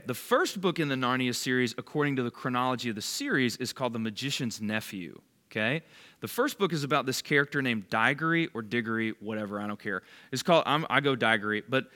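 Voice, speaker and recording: A man teaching a small group in a relaxed, chatty sermon, his pitch swinging up and down with animated emphasis. He keeps checking in with listeners and calls on them by name. His voice sits at an ordinary middle pitch. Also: fairly quick. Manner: conversational, quizzes listeners by name. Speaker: bible study leader.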